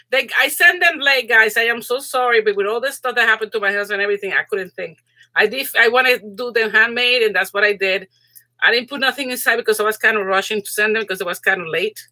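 A middle-aged woman hosting a live crafting stream, chatting casually and excitedly with her viewers, laughing often, her voice rising high when she gets excited. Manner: excitable, giggly, chatty, talks to viewers in chat. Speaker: crafting channel host.

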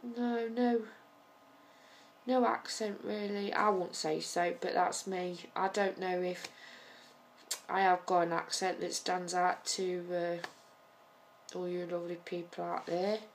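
Nottingham woman vlogger, slow hesitant chat, lowish voice, faint hiss behind. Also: level tone. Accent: Nottingham English. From Nottingham, England. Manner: rambling, hesitant with many ums. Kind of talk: casual to-camera chat.

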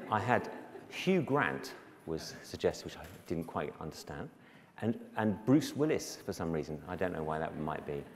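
A man with a deep voice gives a storytelling talk at a school. He speaks in an anecdotal, self-deprecating way and acts out the voices of other people. His voice carries through an echoey hall. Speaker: guest speaker.

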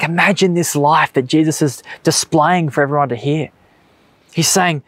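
A man's voice: a little high, normal speed, fairly bright tone, no room sound. A man in his thirties with an Australian accent, preaching a sermon in a conversational, earnest way with everyday stories. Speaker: pastor. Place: church stage.

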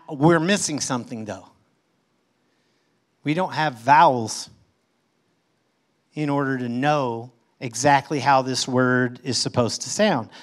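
A man preaching a sermon as pastor, reading scripture aloud and explaining it conversationally with emphatic swings in pitch and loudness.

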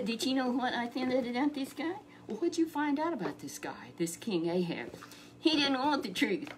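Woman telling a chatty Bible story. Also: fairly high pitch. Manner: chatty, repeats words, asks the listener questions.

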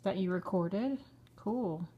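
A woman's voice: medium pitch, slow, husky, lo-fi sound. A woman reviewing a toy by asking a child short, encouraging questions in a casual chat. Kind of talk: casual home video chat.

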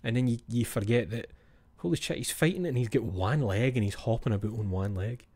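A Scottish man streaming and talking with his viewers in a loose, chatty way. His voice sits at an ordinary middle pitch, and he keeps slipping into hushed whispers for asides. He swears freely and laughs easily. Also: a little fast. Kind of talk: casual chat with stream viewers.

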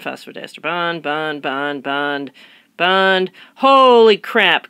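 A woman with a fairly low voice explains biology in a recorded tutorial, full of playful rhetorical questions and mock excitement. The sound is dry and close, with no room echo. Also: clear, resonant tone. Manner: playful, chatty, asks rhetorical questions and answers them. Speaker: biology instructor.

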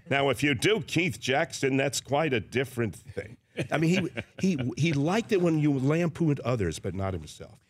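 A man's voice: mid-range voice, big pitch swings, dry recording. Older man telling stories on a talk show. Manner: storytelling, quick to laugh. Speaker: guest, impressionist and former sports host. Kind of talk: casual talk show chat.

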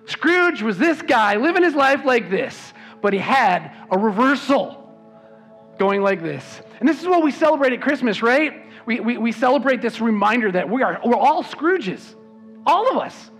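A man's voice: very high voice, expressive, moderate pace, husky. A man preaching a sermon as pastor, emphatic and repeating words when he stresses a point. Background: soft worship music.

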